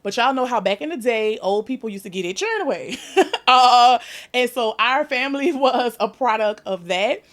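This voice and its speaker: This is a woman with a New Orleans accent, in her thirties, leading a heartfelt podcast chat. She speaks openly and laughs often, and her voice rides somewhat higher than most. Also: expressive, moderate pace. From New Orleans, USA. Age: 30s. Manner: laughs often, chatty and candid. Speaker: podcast host. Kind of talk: candid podcast conversation.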